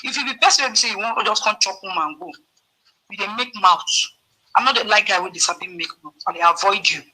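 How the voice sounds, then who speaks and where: A woman with a Nigerian Pidgin accent, casually telling a story to her viewers and acting out the dialogue with sudden leaps in pitch. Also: fast, sharp tone, breathy edge, rough recording. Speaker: vlogger.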